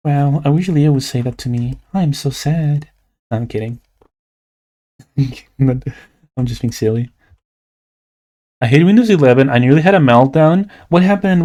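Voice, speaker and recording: A man's voice: a little high, mellow. A young man from Latin America with a Latin American Spanish accent, chatting casually and playfully on a livestream while he draws, rambling with lots of "like". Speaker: streamer and artist.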